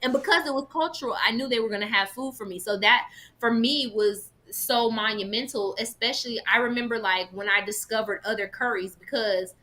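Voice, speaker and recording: Bright-voiced, animated woman chatting casually. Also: a little high, brisk. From Jamaican heritage. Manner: animated storytelling with playful put-on voices. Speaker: vegan talk show co-host. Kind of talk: casual chat.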